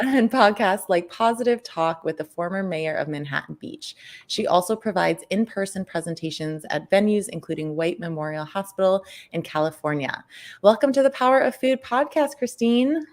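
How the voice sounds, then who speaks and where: A woman's voice: on the low side, moderate pace. Upbeat woman podcast host. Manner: upbeat, enthusiastic. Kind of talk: podcast introduction and interview questions.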